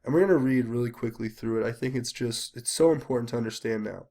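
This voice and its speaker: A man's voice: mid-range voice, fast, warm tone. A man hosting his own channel, talking in an earnest, rambling way with many fillers and pleading appeals to viewers. He is congested from a cold. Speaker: channel host. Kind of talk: casual solo commentary.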